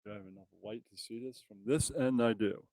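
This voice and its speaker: A man's voice: lowish voice, steady tone, quick pace, a little mellow, no echo, poor audio. A man hosting an improvised puppet comedy show and explaining the plot casually. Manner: switches between silly voices and plain talk.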